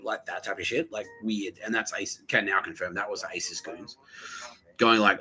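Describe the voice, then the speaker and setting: Swearing Australian man, bright voice. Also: on the low side, steady tone, normal speed, rough recording. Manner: crude, swears constantly, mutters asides. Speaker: podcast host. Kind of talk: rambling profane monologue.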